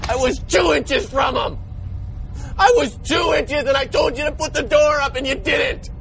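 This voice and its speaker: An actor playing a furious, grieving man who shouts accusations at a crewmate in a film scene. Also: extremely high pitch, moderate pace, vocal fry, exaggerated voice. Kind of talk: film drama.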